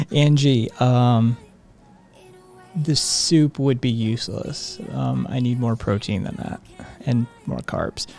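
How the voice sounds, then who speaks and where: A live stream host chatting casually and reading viewer comments in a soft, sedated way, with frequent ums and laughs. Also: mid-range voice, drawn-out words, long pauses, faint music behind.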